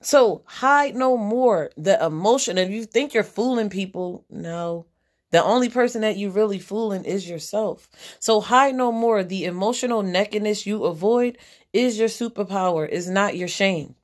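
A woman's voice: medium pitch, moderate pace. A woman hosting a podcast, giving a general spiritual reading as a blunt, profane pep talk that repeats its key lines.

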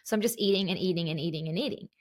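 A young woman with a lowish voice chats candidly as a podcast co-host. She talks freely and openly, and drifts off on tangents. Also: racing. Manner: chatty, candid, tangent-prone. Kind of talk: casual chat.

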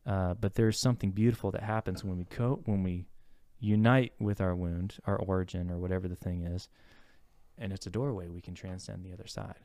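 A man talks through his ideas in a relaxed podcast conversation, speaking as a therapist. His voice is smooth, with a clean resonance. The recording is close and dry, and he pauses, restarts and searches for words as he reflects. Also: low voice, no echo.

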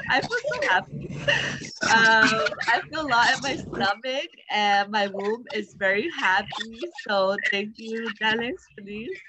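A woman's voice: on the high side, slow, heavy background noise. A woman sharing in a group circle, effusive and gushing. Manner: effusive, breathless with joy. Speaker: participant.

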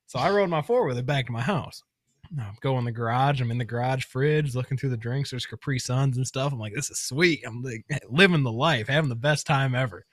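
A young man from Michigan telling a story in casual chat, animated and swearing, acting out the voices of others. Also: mid-range voice, brisk, no room sound, studio quality. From Flint, Michigan. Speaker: podcast guest.

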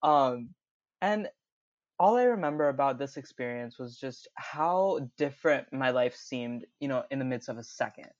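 A young man tells his own story as a guest in a casual interview, chatty, full of fillers and laughing often. His mid-range voice is animated at normal speed, captured in a dull lo-fi recording with no echo.

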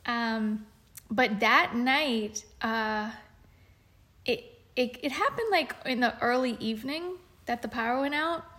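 A woman's voice: a little high, takes it slowly, bright, forceful tone. A woman co-hosting a podcast, telling a story in casual chat with plenty of fillers and restarts. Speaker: podcast co-host.

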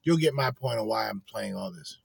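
A man's voice: on the low side, animated, a little fast, creaky, breathy edge, no echo. A man giving heated commentary in a blunt, profane way. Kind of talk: ranting commentary.

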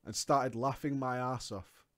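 A man's voice: medium pitch, steady tone, unhurried, a bit bright. A man reading a story aloud and breaking into mocking asides, laughing often as he comments.

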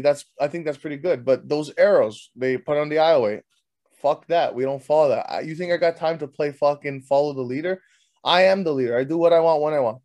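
A man's voice: a little high, darkish tone. Young man in a profane comic rant. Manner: crude, swearing, heated. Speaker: host.

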